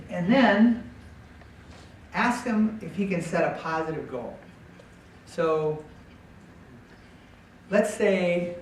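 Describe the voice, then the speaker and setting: Man speaking calmly in an echoey hall. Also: fairly high pitch, slight background noise. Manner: calm, explanatory, with frequent ums. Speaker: speaker at a coaching workshop. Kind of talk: talk with audience Q&A. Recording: echoey hall, far from the mic.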